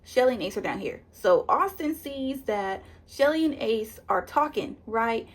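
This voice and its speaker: A woman giving a chatty, animated recap of a reality show, acting out the people she quotes. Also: a little high, measured pace. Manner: chatty, animated retelling with quoted voices and laughs. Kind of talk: casual spoiler review.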